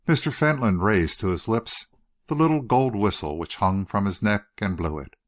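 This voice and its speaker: A man narrating an audiobook in a measured, expressive manner. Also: on the low side. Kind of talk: scripted narration.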